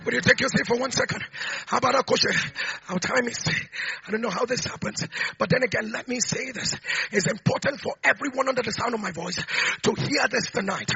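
A man preaching a sermon, moving between quiet personal storytelling and shouted declarations, with bursts of speaking in tongues. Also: very high-pitched, normal speed, vocal fry, slightly rough, muffled recording. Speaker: pastor. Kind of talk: sermon with tongues and call-and-response.

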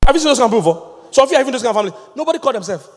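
A Nigerian-accented pastor preaching in a strikingly high voice for a man. His delivery is emphatic, with questions tossed to the congregation for them to answer. His pitch swings widely as he drives each point home, over a faint hum behind him. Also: racing, in a large hall. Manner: lively, emphatic preaching with call-and-response questions. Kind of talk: sermon.

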